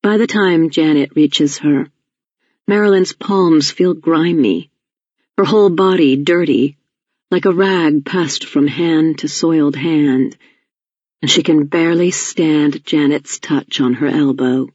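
An audiobook narrator reading a novel in a measured, even storytelling manner. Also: mid-range voice, slightly rough, no room sound, muffled recording. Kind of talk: scripted narration.

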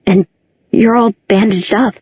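A woman's voice: medium pitch, steady tone, measured pace, a little mellow, breathy edge, no echo. A woman voicing an earnest, impulsive young woman who speaks in raised, eager lines, in a storybook reading. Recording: dull lo-fi audiobook recording.

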